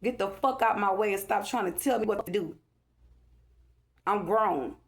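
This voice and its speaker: Woman, vlog rant, gravelly, medium pitch, profane, repetitive, agitated. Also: moderate pace. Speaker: vlogger. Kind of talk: angry rambling monologue to camera.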